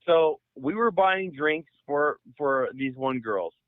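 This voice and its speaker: A young man from the Bay Area telling a long profane story on a podcast, rambling and animated. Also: a little high, slow, no room sound. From San Francisco Bay Area. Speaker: podcast host. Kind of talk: casual storytelling. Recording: dry, phone-like audio.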